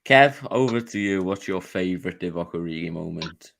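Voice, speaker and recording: A man's voice: sits low, animated, moderate pace, vocal fry, a bit bright. A man hosting a casual football podcast, passing questions around the panel. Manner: leads the discussion, hands questions to each guest. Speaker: podcast host.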